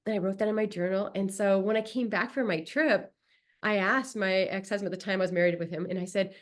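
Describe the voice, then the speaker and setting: Woman, podcast guest, casual storytelling, animated, from southern california. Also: medium pitch, fast talker. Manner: animated, acts out quoted voices.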